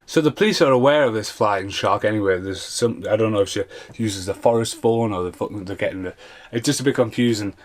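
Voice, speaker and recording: A man's voice: fairly low pitch, a little fast. A man casually reviewing bad films, sarcastic and swearing constantly. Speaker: film reviewer.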